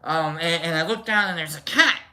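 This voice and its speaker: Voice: medium pitch, fairly quick, pushed and bright. A live stream host chatting casually, telling a rambling story and greeting viewers in the chat.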